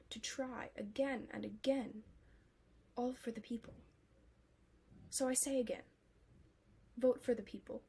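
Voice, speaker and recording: A woman performing spoken word poetry with a rhythmic, soft and breathy delivery. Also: on the high side, slight background noise.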